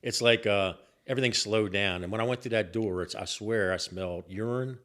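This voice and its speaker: An older man telling a story on a podcast in an animated, profane way and repeating himself as he goes. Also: fairly low pitch, a little fast. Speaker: guest, host's father.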